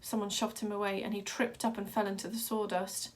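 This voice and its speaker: A woman reads a storybook aloud at a middling pitch for a woman, telling it with steady drama. Her narration moves evenly between tense moments. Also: fairly quick. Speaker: reader.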